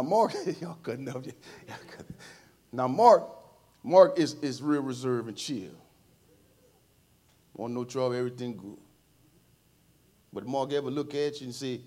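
A man preaching a sermon in a church service. He talks informally and emotionally, swinging from quiet and tender to loud calls to the congregation, with playful asides. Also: mid-range voice, a little slow, pauses often.

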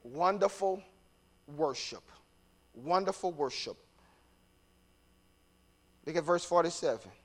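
A man preaching a sermon, starting soft and halting, then building to loud, emphatic preaching. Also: a little high, expressive.

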